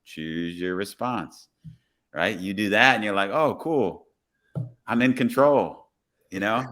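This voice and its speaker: Low, bright-voiced male storyteller. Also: slow pace. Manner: relaxed storyteller who acts out quoted dialogue. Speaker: police officer, podcast guest. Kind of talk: casual podcast conversation, storytelling.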